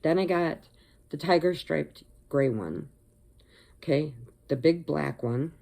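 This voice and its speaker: A woman's voice: low voice, takes it slowly, creaky, warm tone. An older woman from Illinois, chatting casually and rambling on her crochet vlog, laughing often. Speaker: crochet vlogger. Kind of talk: casual chat.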